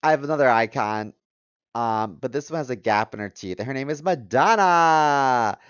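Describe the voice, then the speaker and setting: A man's voice: mid-range voice, lively intonation, moderate pace, a bit bright, smooth, no echo. A man in his thirties co-hosting a comedy podcast, chatty and joking as he runs through a list. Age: 30s. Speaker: podcast co-host. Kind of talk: casual comedic chat. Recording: dull dry mic sound.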